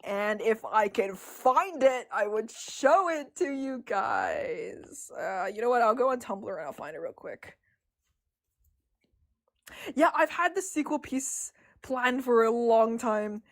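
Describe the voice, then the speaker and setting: A young woman artist chatting to her viewers during a drawing livestream, high-pitched and giggly. Her voice swoops up and down as she gets excited, breaking into frequent laughter. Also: slow. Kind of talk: casual livestream chat.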